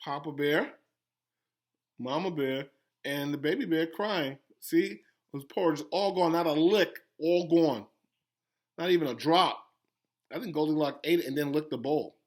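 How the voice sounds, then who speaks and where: A school principal reads a children's story aloud to young pupils, adding animated, gasping, teacherly asides. His voice is fairly high, a little slow, with long pauses.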